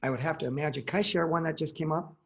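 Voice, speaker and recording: A man's voice: on the high side, very fast. A man in his forties telling a personal story in casual conversation, acting out the quoted dialogue.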